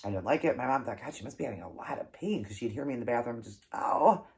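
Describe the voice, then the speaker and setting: A woman's voice: very deep voice, animated, rapid-fire, darkish tone. A woman hosting an eating show, casually telling an embarrassing story and laughing often.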